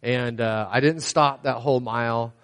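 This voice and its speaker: A man's voice: medium pitch, steady tone, normal speed. A young man sharing a casual personal faith testimony, rambling and storytelling with many fillers. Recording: long hall reverb.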